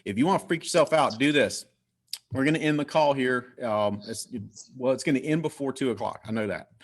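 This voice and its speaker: A man hosting a team video call, energetic and repeating his points. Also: medium pitch, brisk. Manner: energetic, repetitive, hyped. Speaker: host.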